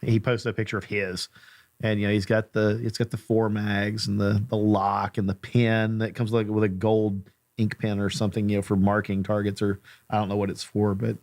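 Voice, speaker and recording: A man's voice: lowish voice, flat delivery, normal speed, darkish tone, no room sound. A man hosting a podcast, chatty and joking in a self-deprecating way. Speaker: podcast host. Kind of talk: casual podcast chat.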